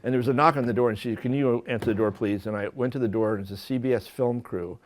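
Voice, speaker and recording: A man, a photographer, telling stories from his career to an audience in a lively, self-deprecating way with many restarts. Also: medium pitch, racing. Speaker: photographer giving a talk. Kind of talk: storytelling lecture. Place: lecture hall at an art school.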